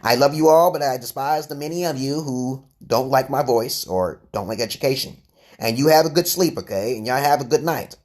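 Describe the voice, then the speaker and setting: A man's voice: medium pitch, brisk. A man hosting a casual live stream, lecturing in a rambling, self-assured way. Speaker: livestream host.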